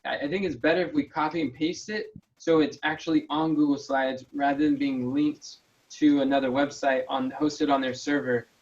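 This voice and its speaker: A man's voice: a little high, steady tone, moderate pace, far from the mic. A man explains slide design in a casual video call, speaking patiently with restarts. His voice sounds set back from the mic. The call audio is muffled. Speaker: volunteer teaching slide design.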